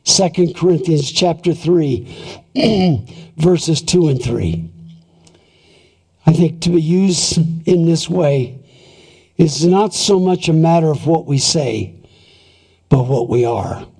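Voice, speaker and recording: Male preacher, high-pitched voice, deliberate emphatic sermon, rhetorical questions. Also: darkish tone, breathy edge.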